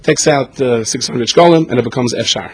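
A man giving a storytelling sermon, animated and acting out the voices in his tales. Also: mid-range voice, fairly quick, slightly rough, no room sound. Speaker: speaker.

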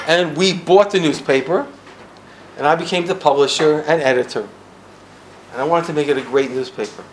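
An older man from the United States telling a personal story, swinging between loud bursts and hushed asides. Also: on the high side, a little hiss or hum.

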